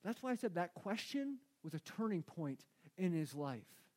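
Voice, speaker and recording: Man, pastor, sermon, high-pitched for a man, conversational, emphatic, repeats phrases. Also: big pitch swings, normal speed, a little mellow.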